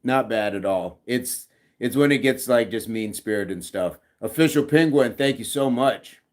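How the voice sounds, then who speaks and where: A middle-aged man with a medium-pitched voice hosts a livestream at a moderate pace. He reads chat messages aloud in a casual, joking way and laughs often.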